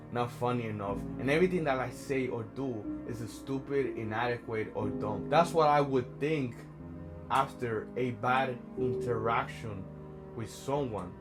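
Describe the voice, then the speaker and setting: A man telling a personal story in a casual, conversational way, often checking in with "right?" as a social anxiety coach. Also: medium pitch. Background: background music.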